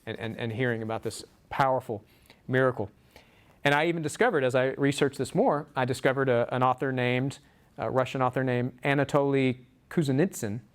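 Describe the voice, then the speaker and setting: A man giving a lecture to a small group, animated, acting out quotes from the book. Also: medium pitch, a little fast. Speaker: speaker. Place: room with a small audience. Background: audience laughter.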